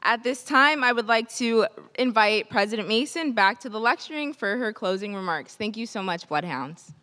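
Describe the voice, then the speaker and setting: Higher-voiced woman emceeing a ceremony. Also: animated, normal speed, pushed and bright, in a large hall. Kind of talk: ceremony announcements.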